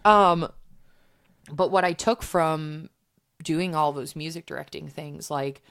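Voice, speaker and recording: Brief: low-pitched woman, podcast guest, rambling storyteller, filler-heavy. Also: takes it slowly, vocal fry, dry recording, clean studio sound. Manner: chatty storyteller with many "um"s and "like"s. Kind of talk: casual interview chat.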